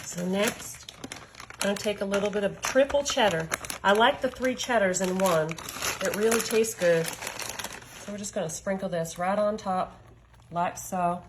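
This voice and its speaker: A woman's voice: medium pitch, a little slow, background noise. A woman demonstrating a recipe in her home kitchen, talking in a chatty, folksy way straight to her viewers. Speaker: home cook. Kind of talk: cooking demonstration.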